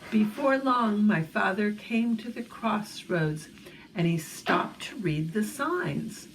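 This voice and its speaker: A woman reading a children's chapter book aloud, gentle and storytelling, with asides to young listeners. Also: medium pitch, lively intonation, slow pace, a little hiss or hum, low-quality recording.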